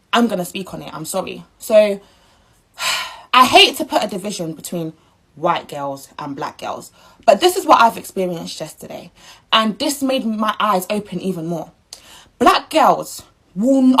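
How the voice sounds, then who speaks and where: A woman's voice: mid-range voice, slightly rough, rough recording. A young woman, ranting bluntly and indignantly in a casual vlog. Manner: blunt, indignant, animated storytelling. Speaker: vlogger.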